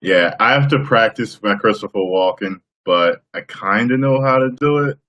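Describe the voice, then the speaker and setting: A man hosting a casual live stream, chatting with viewers in a playful, boastful way and breaking into loud whoops. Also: on the low side, lively intonation, moderate pace.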